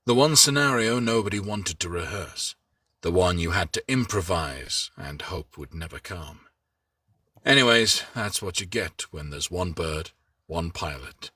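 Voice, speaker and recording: A deep, husky man reads a story aloud with measured drama. His tone is bright and edgy, and he sits back from the mic in a dry space. He also hosts the show. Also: expressive, no echo, distant mic. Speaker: host and reader.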